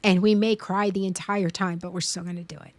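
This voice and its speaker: A woman in her thirties speaks earnestly and openly on a stream. Her voice sits a little low. The sound is dry and close, with no room around it. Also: steady tone, brisk, no room sound. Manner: earnest, vulnerable, tearful at times. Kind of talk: emotional casual chat.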